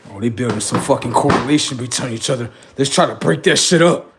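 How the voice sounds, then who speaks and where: A man's voice: mid-range voice, fast talker, heavy background noise. A man hosting a livestream, ranting bluntly and profanely while addressing his audience directly. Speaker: livestream host.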